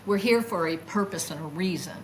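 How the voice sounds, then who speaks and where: An older woman, a guest, tells her own story with feeling and acts out her past words in a lively voice. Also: lowish voice, brisk, slight background noise, low-quality recording. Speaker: guest recounting a near-death experience. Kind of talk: emotional first-person storytelling.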